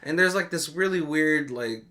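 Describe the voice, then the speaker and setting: A man co-hosting a podcast, casually recapping a movie plot with animated storytelling and frequent laughs. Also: on the high side, normal speed. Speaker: podcast co-host. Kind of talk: casual movie commentary chat.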